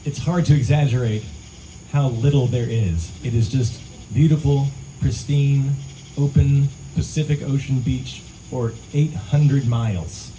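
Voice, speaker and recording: A man with a mellow, warm voice of ordinary pitch spins a laid-back story between songs at an outdoor concert. He talks casually into a stage mic, and crickets chirp faintly in the night air behind him. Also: a little slow, slight background noise, rough recording. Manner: relaxed, conversational, laughs at own story. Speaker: singer-songwriter performing live. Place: live music venue, outdoors among pines.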